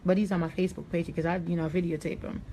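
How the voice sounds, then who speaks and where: A woman's voice: on the low side, flat delivery, racing, mellow, a little hiss or hum. A woman from New York hosting a live hair tutorial, chatting sassily and directly to her viewers. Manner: sassy, chatty, addresses viewers directly as "y'all" and "honey". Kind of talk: casual live-stream chat while styling hair.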